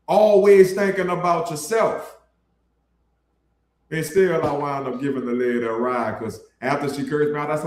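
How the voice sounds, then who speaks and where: A man delivers a casual street sermon with blunt, preachy force and plenty of slang. His voice sits slightly high for a man. The recording carries a noticeable room echo. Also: lively intonation, normal speed, darkish tone. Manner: blunt, preachy, colloquial, addresses listeners as bro. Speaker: street preacher hosting an online ministry.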